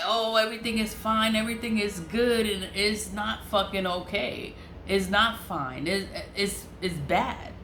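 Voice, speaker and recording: A woman's voice: lowish voice, fairly bright tone. Heated, profane woman in an echoey room. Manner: heated, profane, repeats herself for emphasis. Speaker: online seller and vlogger. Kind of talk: candid venting monologue. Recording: roomy echo with faint background noise.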